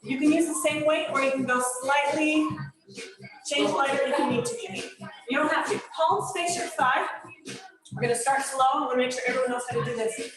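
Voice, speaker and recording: A woman with a high voice leads a weights class, talking through each move and counting down reps. She sounds encouraging and chatty. Her voice rings in a very echoey studio with workout music behind her. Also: brisk. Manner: encouraging, talkative, gives step-by-step cues. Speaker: fitness instructor. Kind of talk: live class instruction with counting cues.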